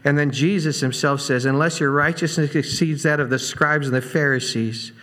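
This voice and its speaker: A man's voice: a little high, steady tone, moderate pace, a bit bright. A man preaching an expository Bible teaching, reading scripture aloud and then explaining it in an earnest, conversational way, repeating key phrases for emphasis. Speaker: pastor.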